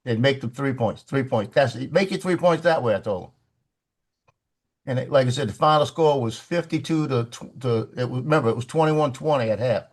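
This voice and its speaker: On a video call, a man with a mid-range voice tells a basketball story a little fast. He's animated and acts out the quoted lines in this casual storytelling.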